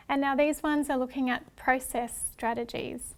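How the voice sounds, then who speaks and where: A woman presenting a workshop talk in a gentle, hesitant way, with many ums and restarts. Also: high-pitched, steady tone, unhurried. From Australia.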